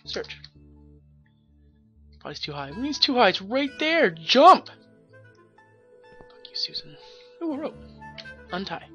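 A man's voice: sits high, sing-song, a little slow, long pauses, sharp tone, breathy edge, dull audio, soft background music. A young man joking and swearing through rambling commentary while playing a video game. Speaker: let's play gamer. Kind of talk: profane sarcastic game commentary.

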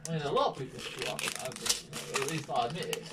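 A man, the host's partner, chiming in from the side with teasing quips and quick banter. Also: mid-range voice, animated. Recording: distant voice with loud background noise.

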